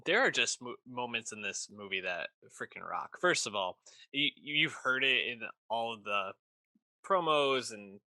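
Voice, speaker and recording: A male co-host on a pop culture podcast chats with enthusiasm, using slang and swearing. His medium-pitched voice is animated, pushed and bright, at a measured pace, with no echo in the recording.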